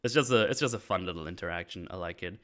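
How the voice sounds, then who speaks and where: A man's voice: low-pitched, fast, fairly bright tone. A man hosting a casual episode recap, rambling with lots of restarts and fillers. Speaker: show recap host.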